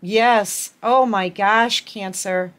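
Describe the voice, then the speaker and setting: A woman reads tarot cards for her viewers, addressing them directly and affectionately. Her delivery is slow and unhurried, yet she gushes with excitement and breaks into laughter between lines. Her pitch sits in a middling range. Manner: excitable and gushing, with frequent laughs and exclamations. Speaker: tarot reader. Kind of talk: collective tarot reading to camera.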